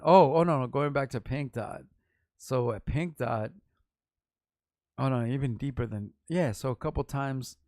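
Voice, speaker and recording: A middle-aged man from Los Angeles hosts his own vlog, rambling through profane stories with quick asides. His voice has a rough, gravelly fry. The sound is dry and close. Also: medium pitch, darkish tone, no room sound. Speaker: vlog host and rapper. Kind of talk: casual storytelling to camera.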